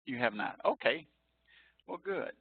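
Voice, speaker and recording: A man's voice: on the high side, big pitch swings, a little slow, husky, no echo. A professor in his sixties from Chicago, giving a chatty, joking lecture that drifts off topic with frequent laughter. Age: 60s. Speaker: college professor. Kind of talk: informal online lecture. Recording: tinny phone-like line, dry.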